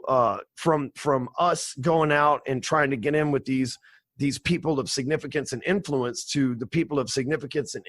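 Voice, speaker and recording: A man's voice: mid-range voice, fairly bright tone, no room sound. A man in his forties, a podcast guest telling stories in a brash, profane, streetwise way. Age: 40s. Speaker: podcast guest, sales trainer. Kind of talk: casual storytelling interview.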